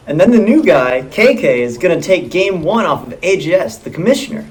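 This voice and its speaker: A man playing a screenwriter in a comedy sketch, matter-of-fact and mildly exasperated as he pitches. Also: animated, normal speed, hardly any pauses.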